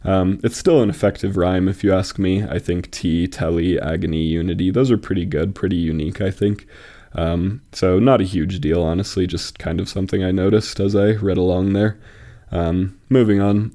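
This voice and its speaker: A young man with a low, dark, steady voice hosts a review of fan poetry at a normal pace. He reads poems aloud and critiques them casually, thoughtful and hesitant, with lots of fillers and restarts.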